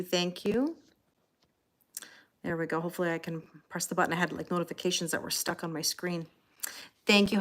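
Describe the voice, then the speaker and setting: A woman hosting a livestream, chatting casually with viewers and thanking them by name. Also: lowish voice. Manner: talks to her cats between comments. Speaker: tarot reader hosting a livestream. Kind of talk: casual chat with live viewers.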